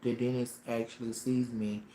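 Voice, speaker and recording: A man telling a personal story on a casual livestream, dramatic and animated, with slang and sound effects. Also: mid-range voice, normal speed, a little hiss or hum. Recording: roomy echo with faint ambience.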